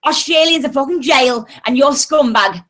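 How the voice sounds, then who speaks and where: High bright-voiced swearing woman. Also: normal speed. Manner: abusive, combative, swearing constantly. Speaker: voice chat room participant. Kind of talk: heated online voice chat argument.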